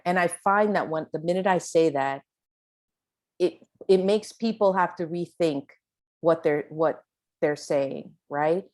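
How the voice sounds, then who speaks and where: A woman's voice: low voice, darkish tone. A woman speaking on a panel discussion, conversational, with frequent restarts and "right?" tags. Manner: conversational, with restarts and light laughs; questioning, says "right?" often.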